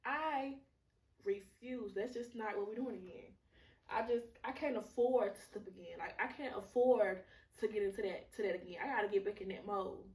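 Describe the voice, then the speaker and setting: A woman's voice: medium pitch, moderate pace, a little mellow, roomy sound, recorded from a distance. A woman hosting a podcast, telling a personal testimony in a candid, emotional way, swearing freely and using many fillers. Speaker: podcast host.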